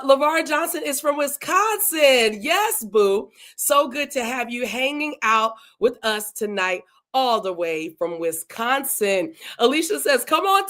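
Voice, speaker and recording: Effusive woman hosting a live podcast. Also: fairly high pitch. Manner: warm, effusive, repetitive greetings. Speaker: podcast host. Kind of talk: live-stream podcast chat with viewers. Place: home in Delaware.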